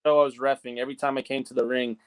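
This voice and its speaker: A man's voice: mid-range voice, flat delivery, rapid-fire, clean tone. A man co-hosting a wrestling watch-along, chatting casually and rambling, with "like" in nearly every phrase. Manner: rambling, fills with "like" constantly. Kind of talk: casual chat.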